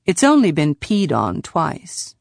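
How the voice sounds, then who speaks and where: A woman voicing a calm, gentle young man who speaks softly and low in an audiobook reading. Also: slow pace, creaky, dry recording, studio quality, full character voice. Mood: hushed. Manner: soft, hushed, gentle. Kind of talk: audiobook character voice.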